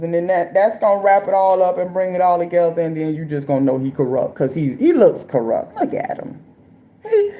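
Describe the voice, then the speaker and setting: A woman's voice: on the high side, a little mellow. Profane, riffing woman with a raised voice. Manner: loose, profane and riffing, with slang and rhetorical asides. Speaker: commentator. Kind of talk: comedic political rant.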